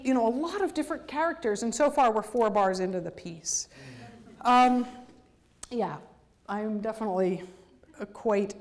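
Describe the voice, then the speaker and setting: A woman composer giving a university lecture, explaining musical detail in an animated way and singing rhythms out in nonsense syllables. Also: on the high side.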